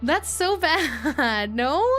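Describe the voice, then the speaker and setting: A woman streamer reacting casually during a readalong, excitable and giggly with exaggerated gasps. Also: high voice, very slow, faint music behind. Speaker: streamer voice actor.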